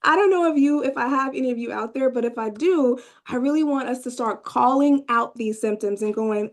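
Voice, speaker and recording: A woman with a fairly high voice leads a workshop, chatting directly with her listeners and tossing them questions. She tags many of her points with "right?" and lifts her voice when she acts out what people tell her. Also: brisk. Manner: conversational, asks the audience questions, frequent "right?" tags; acts out clients' inner voices with rising pitch. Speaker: workshop presenter, therapist trainee. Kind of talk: live workshop talk to room and video call.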